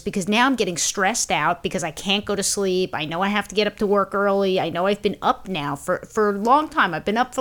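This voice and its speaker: A woman from Brooklyn, co-hosting a podcast and telling a story in an exasperated, animated way. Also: mid-range voice. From Brooklyn, New York. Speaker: podcast co-host. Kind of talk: casual comedic chat.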